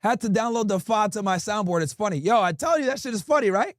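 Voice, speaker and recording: A man's voice: high-pitched, expressive, fast talker, no room sound, clean studio sound. A man hosting a livestream, chatting casually with his audience and reading their comments aloud in a blunt, profane way. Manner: blunt, profane, talks straight to chat. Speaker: livestream host.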